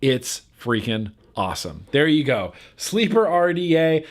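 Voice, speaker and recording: A man's voice: fairly high pitch, big pitch swings, a little slow. A young man hosting his own vlog in a casual, laid-back way, swearing offhandedly and laughing at viewer comments. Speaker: vlog host.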